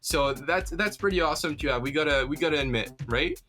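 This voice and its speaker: A man's voice: fairly high pitch, animated, quick pace, music in the background. A male radio show host chatting casually, upbeat and laughing often, stumbling and repeating words as he talks.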